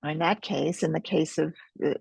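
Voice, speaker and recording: A middle-aged woman leading an experiential teaching webinar in a gentle, reflective way, pausing often, over a video call mic. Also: sits low, vocal fry, slightly rough, no room sound. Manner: gentle, reflective, unhurried with pauses. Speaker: Focusing teacher.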